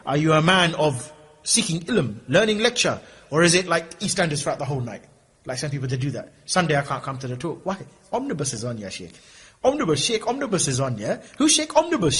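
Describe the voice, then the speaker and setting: A man's voice: sits high, a bit bright, husky. A man giving a humorous, conversational Islamic lecture to a gathering. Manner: humorous, conversational, mock voices for husbands. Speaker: Islamic preacher. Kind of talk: lively mosque lecture.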